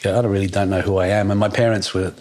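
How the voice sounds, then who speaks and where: A man's voice: deep voice, fairly even intonation, racing, a little mellow. A man, a podcast guest chatting casually and rambling with fillers and restarts. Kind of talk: casual outdoor conversation.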